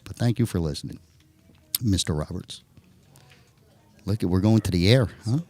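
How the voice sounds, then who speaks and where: A man with a New Jersey accent commentates a pool match live. His voice sits fairly low and mellow, and he keeps the chat loose and jokey. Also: normal speed, faint music behind. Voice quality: animated, jokey, chatty.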